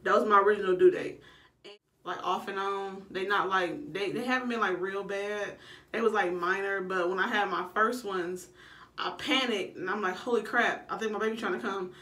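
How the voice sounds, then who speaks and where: A woman's voice: mid-range voice, fairly even intonation, normal speed, sharp tone. A young woman, telling her labor story to camera in a blunt, casual way and swearing freely. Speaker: vlogger. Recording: echoey room, a bit far from the mic.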